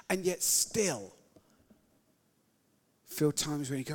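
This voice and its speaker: A man preaching a sermon, retelling scripture dramatically, swinging between loud lines and whispers. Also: a little high, a little slow, pauses often, long reverb tail. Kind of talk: sermon storytelling.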